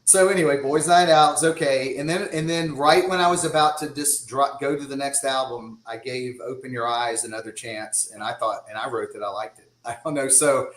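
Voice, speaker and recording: A man's voice: medium pitch, a little fast, hardly any pauses, a bit bright, reverberant, poor audio. A man in his fifties with a Southern US accent, a guest drummer chatting casually in a rambling way and laughing often. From Georgia, US. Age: 50s. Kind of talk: casual chat.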